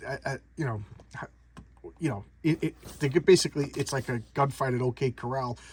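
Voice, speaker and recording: A man's voice: medium pitch, brisk, slightly rough. A man casually recapping a comic book's plot in a rambling, enthusiastic way, often repeating words and using lots of fillers. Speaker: comic book reviewer. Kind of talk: casual chat.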